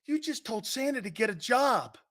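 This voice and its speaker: Bright-voiced laughing American sports host. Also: male voice, extremely high pitch, very animated, normal speed. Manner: loud, laughing, storytelling. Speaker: sports talk show host. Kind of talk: casual sports talk.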